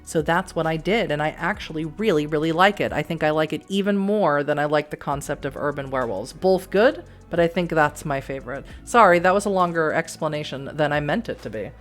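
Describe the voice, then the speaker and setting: Talking a little fast with hardly any pauses, this deep-voiced middle-aged woman from the Boston area, faint Boston accent and all, rambles to her viewers during a let's play of a story game. She reads aloud, laughs, and restarts often, with faint music in the background.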